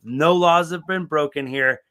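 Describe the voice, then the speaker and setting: A middle-aged man telling a long story in casual chat, animated and profane, acting out the dialogue. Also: on the high side, unhurried, clean tone. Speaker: podcast co-host.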